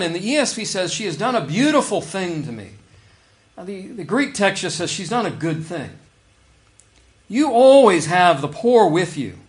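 A man preaching a sermon in a conversational way, reading scripture aloud with emphasis. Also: on the high side. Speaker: pastor.

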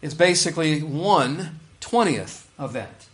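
A man's voice: fairly high pitch, animated, slow pace. A man preaching a sermon in a conversational way, reading scripture aloud with emphasis. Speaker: pastor.

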